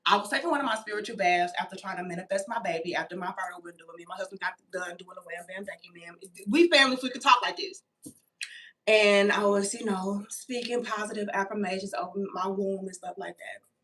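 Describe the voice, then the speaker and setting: A woman's voice: medium pitch, quick pace, a bit bright, recorded from a distance, a little hiss or hum. A woman in her thirties, chatting casually and profanely straight to her viewers while she tells a personal story. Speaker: vlogger.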